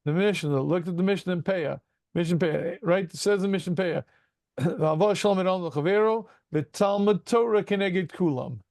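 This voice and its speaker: Over a video call, a rabbi leads an interactive Talmud class in a fairly high, gravelly voice, recorded dry and close with no room sound. He fires rhetorical questions at his students, addresses them as gentlemen, and adds quick asides and self-deprecating chuckles.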